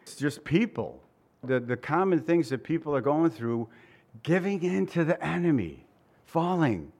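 A man preaching to his congregation with a fairly high voice, speaking earnestly and conversationally. He sounds worn out and close to tears, laughing between his points as he presses his listeners. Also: very animated, measured pace, darkish tone. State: tired and near tears. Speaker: pastor. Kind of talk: sermon.

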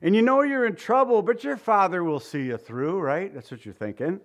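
A man's voice: high-pitched, normal speed. A man preaching a sermon, telling stories with chuckles and acting out the voices of the people in them. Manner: animated storytelling with chuckles and acted-out voices.

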